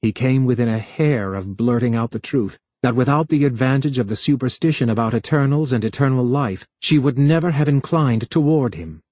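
A man narrating an audiobook with measured, even storytelling. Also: medium pitch, dry recording.

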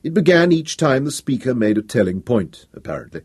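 A man narrating a story in an expressive, dramatic storytelling style. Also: medium pitch, fairly quick, few pauses, husky. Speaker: audiobook narrator. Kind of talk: scripted narration.

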